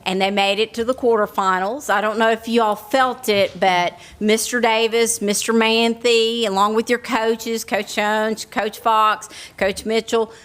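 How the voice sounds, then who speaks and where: A woman's voice: on the high side, steady tone, measured pace, hardly any pauses, fairly bright tone. Proud Southern woman at a board meeting. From Tennessee. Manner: proud, enthusiastic, folksy. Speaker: school board official. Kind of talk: speech at a school board meeting.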